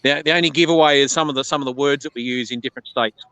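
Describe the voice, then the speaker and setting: Fast-talking Australian man, bright and dry. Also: mid-range voice, clear, resonant tone, no room sound, rough recording. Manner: joking, easygoing, repeats words when starting sentences. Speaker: guest. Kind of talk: casual chat on a livestream.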